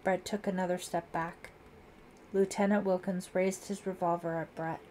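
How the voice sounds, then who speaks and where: A woman narrating a thriller audiobook in a measured, dramatic reading. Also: lowish voice, level tone, a little mellow, slight background noise.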